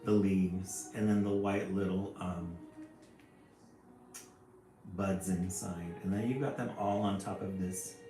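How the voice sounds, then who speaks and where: A man reading a picture book aloud, with lively, chatty asides about the pictures. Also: low voice, takes it slowly, pauses often. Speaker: storybook reader. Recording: echoey room, faint music.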